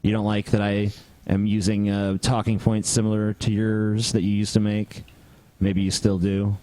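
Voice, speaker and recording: A man hosting a podcast, pushing back bluntly in casual debate. His voice sits low and the sound is dry and close. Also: flat delivery, moderate pace, warm tone, no echo. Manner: blunt, argumentative. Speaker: podcast host.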